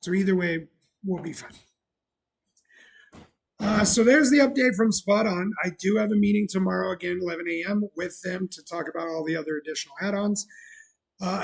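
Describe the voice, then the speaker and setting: Talking fairly quickly in a high, creaky, husky voice, a man hosts a casual show about getting his bar open. He keeps the chat light, pokes fun at himself and laughs a lot.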